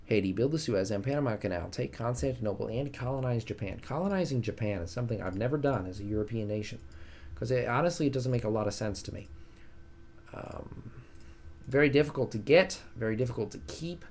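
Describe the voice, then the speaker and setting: A man's voice: medium pitch, quick pace, a little mellow, slight background noise. A young man casually commenting on his strategy game live stream, joking with his chat. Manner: chatty, jokey, talks to chat.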